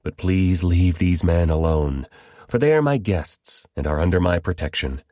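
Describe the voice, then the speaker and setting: A man's voice: low-pitched, lively intonation, moderate pace, warm tone, dry recording, studio quality. A man reading the anxious, pleading words of a frightened host.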